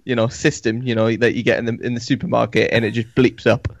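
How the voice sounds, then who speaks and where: A man's voice: medium pitch, little pitch movement, fast talker, vocal fry, no echo. A British man, a podcast guest, chatting casually in a wry, teasing way.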